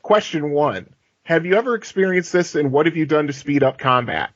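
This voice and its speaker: A man co-hosting a gaming podcast, reading listener letters aloud with quick asides in casual chat. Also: a little high. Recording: muffled lo-fi dry sound.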